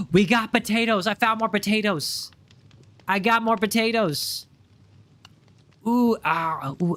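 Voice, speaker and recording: A man's voice: high-pitched, sharp tone, no room sound. A man streaming a game live, joking around and talking to his chat in a playful way. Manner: playful, jokey, chatting with viewers. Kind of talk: live gameplay commentary.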